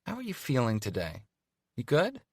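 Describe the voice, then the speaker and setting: A man voicing a sharp-tongued young woman talent agent in an audiobook, mocking and sweetly teasing. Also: medium pitch, sing-song, normal speed, breathy edge, no echo, studio quality, pitched above the performer's own voice. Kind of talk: audiobook character voice.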